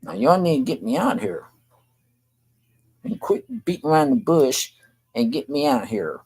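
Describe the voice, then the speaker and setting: A man's voice: medium pitch, big pitch swings, a little slow, gravelly, darkish tone, husky, poor audio. An older man, hosting a talk show and complaining bluntly and repetitively. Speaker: show host. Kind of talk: venting monologue to camera.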